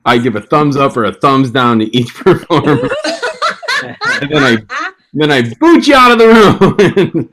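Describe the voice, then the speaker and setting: A man hosting a comedy show over a live stream from home, his voice bouncing up and down in pitch as he jokes and giggles. He introduces the next comedian in a loose, playful way. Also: lively intonation, moderate pace, crowd noise. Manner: giggly, joking, introduces acts. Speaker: host of online comedy show.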